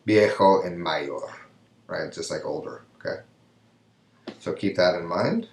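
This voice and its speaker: A man's voice: low voice, unhurried, vocal fry. A man teaching a recorded grammar lesson, explaining step by step and often checking in with "right?". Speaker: Spanish teacher. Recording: echoey room.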